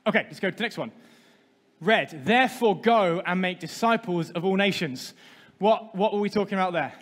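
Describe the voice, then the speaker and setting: Pastor guy preaching to the room, highish voice, keeps asking the crowd stuff, big hall echo. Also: moderate pace, fairly bright tone. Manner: interactive, asks the congregation questions. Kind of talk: sermon. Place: church hall. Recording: long hall reverb.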